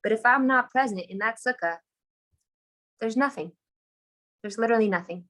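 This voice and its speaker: A woman's voice: on the high side, normal speed, fairly bright tone. A woman teaching on a live video call, telling a story in an enthusiastic, chatty way. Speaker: Torah teacher.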